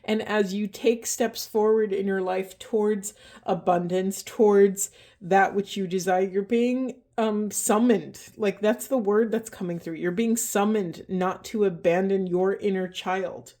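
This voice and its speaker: A woman giving a slow, halting spiritual card reading, emotional, with heavy breathing and a trembling voice. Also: medium pitch, fairly even intonation, mellow. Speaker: oracle card reader.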